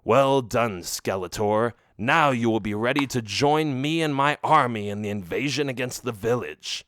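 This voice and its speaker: A man's voice: medium pitch, a bit bright, no room sound, studio quality, natural voice. A man voicing Kellen, menacing skeleton warlord. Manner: sinister, gloating, with slow deliberate threats. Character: scheming male skeleton army chief, menacing.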